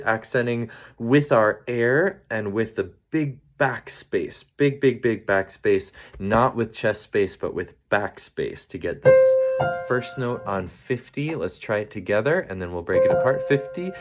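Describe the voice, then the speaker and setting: A man leading a choir rehearsal, counting beats and calling out measures and cues for the soprano sections over piano. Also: medium pitch. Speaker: choir director. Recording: loud piano accompaniment behind the voice.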